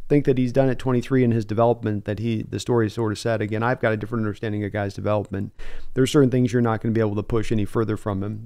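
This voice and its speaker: A man hosting a casual live stream, thinking aloud as he answers viewer comments. His voice is warm and mellow, with a smooth, clean tone. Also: mid-range voice. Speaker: podcast host.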